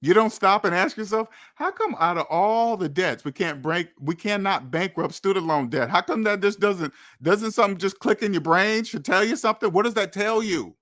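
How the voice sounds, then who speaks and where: Scolding man, slightly higher voice. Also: a little fast, hardly any pauses, a bit bright. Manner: preachy, scolding, repetitive. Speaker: finance channel host. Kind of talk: blunt financial commentary.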